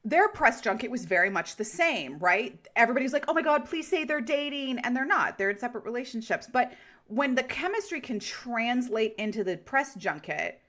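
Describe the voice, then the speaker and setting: A woman co-hosting a podcast in casual chat, excitable and swearing freely as she talks in quick bursts. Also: a little high. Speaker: podcast co-host.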